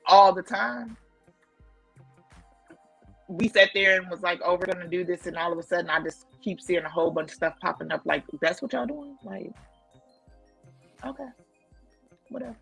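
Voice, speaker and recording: A man's voice: high voice, moderate pace, gravelly, pauses often, fairly bright tone, husky, faint music behind, low-quality recording. A man co-hosting a podcast in casual, playful chat, often laughing as he talks. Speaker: podcast co-host.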